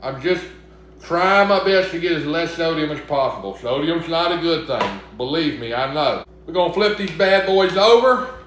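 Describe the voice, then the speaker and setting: Brief: young Southern man with a high voice, cooking vlog, chatty and teasing, very echoey kitchen. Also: lively intonation, normal speed, noisy background. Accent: Southern US (Mississippi). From Mississippi. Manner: chatty, joking, talks back to imagined critics. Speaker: cooking vlogger. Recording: very echoey room.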